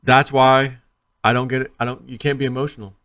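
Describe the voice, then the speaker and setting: A man talks to camera in a loose, rambling vlog voice at a middle pitch. He tells stories with lots of energy and acts out the people he quotes. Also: brisk, smooth. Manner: rambling, animated storytelling with acted-out quotes. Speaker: crypto video host. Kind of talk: casual to-camera vlog talk.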